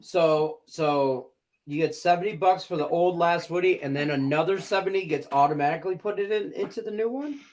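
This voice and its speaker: A man's voice: on the high side, fairly quick, darkish tone. A man co-hosting a live betting show, joking and swearing in casual banter. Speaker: co-host.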